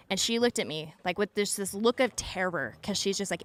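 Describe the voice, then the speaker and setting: A woman's voice: mid-range voice, quick pace, few pauses, a bit bright. A woman in her thirties from Utah, a former emergency dispatcher, earnestly recounting a tense story as a podcast guest, with frequent "like" fillers. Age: 30s. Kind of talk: personal storytelling in a podcast interview.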